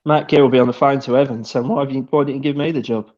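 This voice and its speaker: A man vents about his football team, stumbling over repeated words. His pitch is middling. The call audio sounds dull and lo-fi. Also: steady tone, racing, a little mellow. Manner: exasperated, repeats himself. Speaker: fan show pundit. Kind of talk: casual football watch-along chat.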